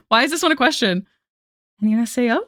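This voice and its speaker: A woman's voice: medium pitch, normal speed, no echo. Woman, casual streamer; chatty, self-mocking, laughs a lot; dry, close sound. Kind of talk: casual live-stream chat.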